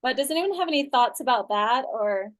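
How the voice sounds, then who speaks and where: A woman's voice: sits high, lively intonation, fairly quick. A woman leading an online coaching class for a group, talking loosely and casually, with lots of filler words and sentences she restarts partway through. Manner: loose and chatty, full of "like" and "um", restarts mid-sentence. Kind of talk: casual teaching talk to a group. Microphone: video call.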